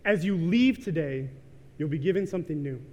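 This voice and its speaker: A man's voice: fairly high pitch, animated, brisk, a little mellow. A man in his thirties preaching a sermon in a church, telling a story casually with lots of ums and likes. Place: church sanctuary. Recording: reverberant church hall.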